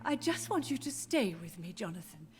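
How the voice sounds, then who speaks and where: A woman's voice: mid-range voice, sing-song, moderate pace, faint music behind, natural voice. An actress voicing a frail, grieving elderly mother in a video game, wistful and drifting in her thoughts. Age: older. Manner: wistful, drifting, quietly confused.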